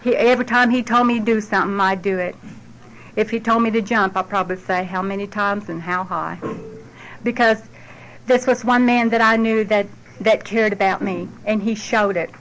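A woman's voice: fairly high pitch, steady tone, fairly quick, slight background noise, low-quality recording. A middle-aged woman, giving a heartfelt personal testimony at a support group meeting in a plain, down-to-earth way.

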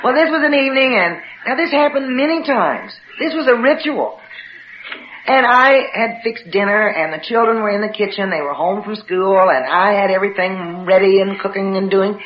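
A woman's voice: medium pitch, moderate pace. Woman, storyteller, dramatic delivery, live audience, noisy background, roomy echo. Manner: dramatic, acts out the voices of family members. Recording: roomy, dull recording with background noise.

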